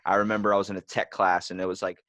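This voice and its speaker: A man in casual chat, telling stories and acting out the lines of others with sudden loud jumps. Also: sits low, rapid-fire, no echo. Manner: animated storyteller, acts out quotes loudly.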